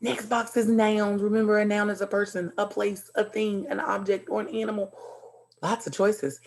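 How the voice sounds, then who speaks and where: A woman teaching a second grade class in a recorded video lesson, cheerful and encouraging, speaking slowly and clearly for young children. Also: medium pitch, little pitch movement.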